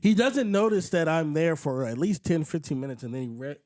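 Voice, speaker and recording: Animated man telling a story, dry sound. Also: a little high, a little fast, no room sound. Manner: animated storyteller, acts out quoted voices, frequent swearing. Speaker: podcast host. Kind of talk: casual storytelling chat.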